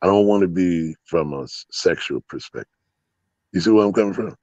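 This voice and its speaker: A low-voiced man spins loose, profane stories, full of fillers and chuckles. The sound is dull and muffled in a dry, close space. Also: expressive, brisk, a little mellow, no echo. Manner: rambling, profane, laughing storyteller with many fillers. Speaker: interview guest, dog breeder. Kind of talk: casual storytelling interview.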